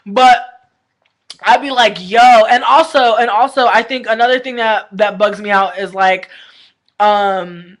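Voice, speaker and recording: A woman vlogger reviewing a reality show chats casually on a livestream, her voice on the high side and a little slow. She talks candidly, full of slang, swearing and rambling fillers.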